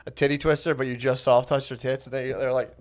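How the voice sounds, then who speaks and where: A man's voice: medium pitch, flat delivery, fast talker. Man in his thirties, laughing storyteller. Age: 30s. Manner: rambling storytelling, laughing through his own stories. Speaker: podcast co-host. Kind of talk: casual comedy podcast chat.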